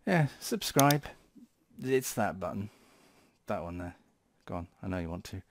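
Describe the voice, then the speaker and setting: A man's voice: low-pitched, lively intonation, a little slow, a little hiss or hum. A man hosting a tech channel, chatting casually in a rambling, playful way with frequent self-corrections. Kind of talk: casual vlog commentary.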